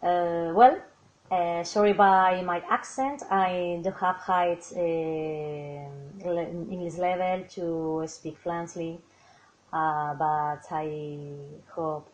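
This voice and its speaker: Hesitant Spanish-accented woman, low voice. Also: fairly even intonation, extremely slow. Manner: hesitant, many fillers. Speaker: English learner. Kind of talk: recorded practice answer. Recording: dull lo-fi voice message with faint background noise.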